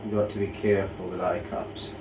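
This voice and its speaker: A man's voice: deep voice, little pitch movement, fairly quick, distant mic, noisy background. A man who keeps reptiles, hosting a casual vlog and chatting to the camera while he handles and coos over large pythons. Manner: chatty, coos affectionately at the snakes. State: slightly out of breath. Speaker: reptile keeper and channel host.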